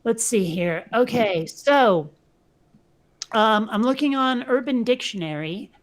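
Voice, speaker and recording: A woman's voice: fairly high pitch, expressive, takes it slowly. Chatty woman hosting a casual talk show. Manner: chatty, laughs at herself. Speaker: show host. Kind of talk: casual chat.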